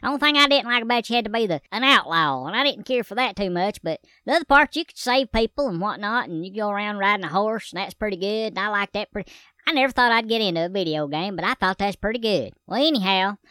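A woman's voice: mid-range voice, expressive, quick pace, pushed and bright, clear, resonant tone, no echo. A woman voicing a folksy, rambling rural man in a comedy monologue. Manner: rambling, homespun drawl.

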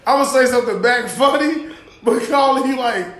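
A man's voice: extremely high pitch, normal speed, a bit bright, echoey room. A man telling profane, laughing road-rage stories in casual chat.

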